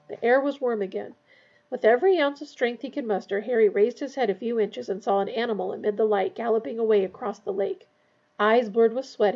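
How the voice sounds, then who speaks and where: A woman narrating a fantasy novel aloud in a tense, hushed storytelling manner. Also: fairly high pitch, husky, muffled recording. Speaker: audiobook reader.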